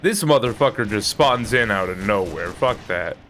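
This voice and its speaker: A man's voice: on the low side, animated, moderate pace, faint music behind. A man streaming a shooter game, swearing and complaining about his health as enemies kill him. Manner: frustrated, swearing, yelling at the game. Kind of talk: casual gameplay commentary.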